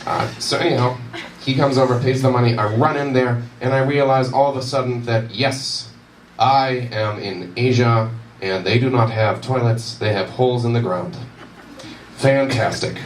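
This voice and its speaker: A man's voice: medium pitch, fairly even intonation, normal speed. Young man, stand-up comic, rambling self-deprecating story, echoey room, heard from a distance. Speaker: stand-up comedian. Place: university event room with audience. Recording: roomy echo, distant mic, audience noise.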